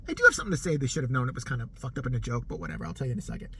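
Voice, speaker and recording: A middle-aged man telling a story casually to the camera, animated and profane, laughing often as he goes. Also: mid-range voice, rapid-fire, slightly rough. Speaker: vlogger.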